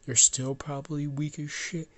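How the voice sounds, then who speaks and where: A man voicing a hot-tempered, foul-mouthed teenage boy, pitched up and loud. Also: little pitch movement, normal speed, close to an everyday voice. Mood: angry. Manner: raised pitch, louder, swearing.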